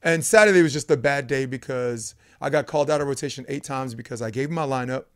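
A man, a volleyball coach, telling a long animated story in a casual chat, acting out what people said. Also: medium pitch, fast, clean tone. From United States. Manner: animated storyteller, acts out quoted lines. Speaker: podcast guest, volleyball coach.

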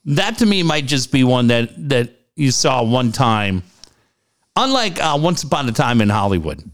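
A man's voice: mid-range voice, sing-song, normal speed. A man co-hosting a podcast, joking crudely and acting out quotes in casual chat. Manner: profane, joking, acts out quotes. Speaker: podcast co-host.

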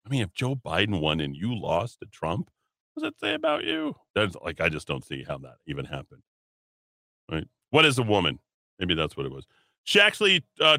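A man's voice: low voice, pushed and bright, dry recording, clean studio sound. A man hosting political talk radio, speaking in a sarcastic, mocking way. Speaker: radio talk show host.

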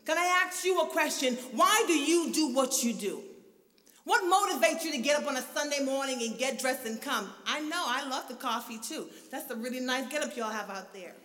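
Woman preacher, high bright voice, expressive, heard from a distance in a reverberant sanctuary. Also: normal speed. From from abroad, grew up outside the country. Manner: expressive, builds to shouted fervor. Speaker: guest preacher. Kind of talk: lively sermon. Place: church sanctuary. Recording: echoey hall, mic at a distance.

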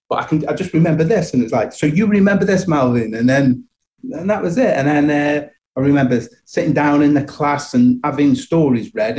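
This middle-aged storyteller has a mid-range, darkish voice. Looking back on his childhood, he shares personal anecdotes thoughtfully, frequently laughing softly and starting sentences over.

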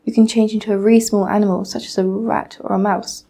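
A woman's voice: medium pitch, flat delivery, quick pace, vocal fry, mellow. A teenage girl voicing a clever, bossy male cat in a storybook reading, giving orders in an urgent, commanding way. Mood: sly.

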